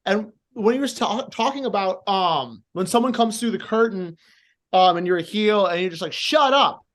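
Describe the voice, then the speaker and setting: A man's voice: high voice, moderate pace. A man who wrestles, asking for advice in a rambling way, full of "like" and false starts. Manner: rambling, many fillers and restarts, eager and apologetic. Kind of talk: casual interview questions.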